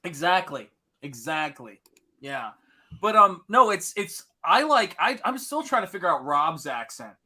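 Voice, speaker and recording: A man hosting a casual late-night livestream, animated and quick to laugh, talking in fast bursts. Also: a little high, husky. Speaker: host.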